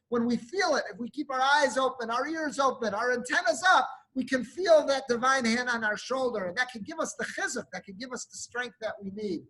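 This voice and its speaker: A man, a rabbi, giving an earnest sermon to his congregation, often building to emphatic, animated peaks. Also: very high-pitched, fairly quick, hardly any pauses, low-quality recording. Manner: speaks to a congregation while showing a card.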